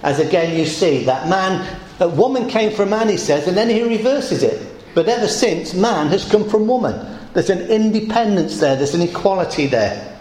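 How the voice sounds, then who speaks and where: A man preaching a sermon to a congregation, leaning hard on key phrases and repeating them slowly, with dry asides. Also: high voice, expressive, a little mellow. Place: church hall. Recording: echoey church hall.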